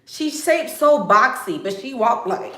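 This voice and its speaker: A woman's voice: a little high, sing-song, unhurried, pushed and bright, echoey room. A woman vlogger telling gossip to her viewers in a casual, chatty way, often calling them "girl".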